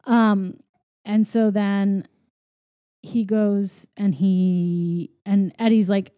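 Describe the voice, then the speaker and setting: A woman casually retelling a film plot, acting out the characters' lines in quick voices and laughing often. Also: medium pitch, flat delivery, warm tone, smooth, no echo. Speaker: podcast co-host. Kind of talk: casual film recap chat.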